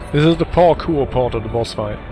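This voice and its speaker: Jokey man commentating a game. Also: fairly high pitch. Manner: jokey, laughs often. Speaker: let's play commentator. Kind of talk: casual gameplay commentary. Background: game music.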